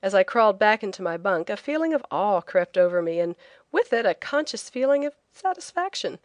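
A woman reading a travel memoir as an audiobook narrator, telling it in a clear, lively way. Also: mid-range voice, brisk, no echo.

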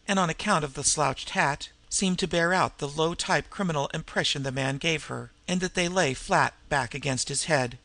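A man narrating a story as an audiobook, in a steady, measured reading. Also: fairly high pitch.

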